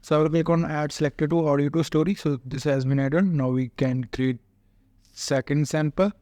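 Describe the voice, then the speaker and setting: A man talks viewers through a website as a tech tutorial host, explaining each click step by step with frequent "uh" fillers. His voice sits a little high. The recording is dry and close, with no room sound. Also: steady tone, moderate pace, mellow, no room sound. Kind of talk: casual screen-recorded software walkthrough.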